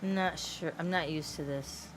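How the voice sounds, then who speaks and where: A woman's voice: low-pitched, normal speed, background noise. A middle-aged woman streaming a game, chatting casually and telling stories, giggling often and swearing now and then. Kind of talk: casual livestream chat while playing.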